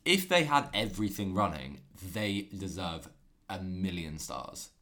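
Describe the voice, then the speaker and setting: A man's voice: low-pitched, big pitch swings, a little slow, sharp tone. A man co-hosting a podcast in casual comedic chat, reading reviews aloud and laughing often. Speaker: podcast co-host.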